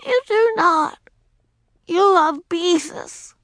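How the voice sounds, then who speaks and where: A woman doing a defiant, yelling little girl. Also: very high-pitched, very slow, no echo, clean studio sound, pitched above the performer's own voice, full character voice. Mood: hurt. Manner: shouting, whiny and tearful. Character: angry defiant little girl, stubborn and hurt. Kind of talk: audiobook character voice.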